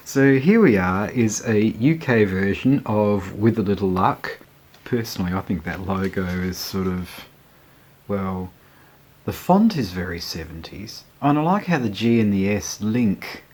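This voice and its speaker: A man's voice: lowish voice, animated, a little slow, darkish tone. A man chatting casually as he shows his record collection, rambling and often chuckling. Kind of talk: casual chat showing records.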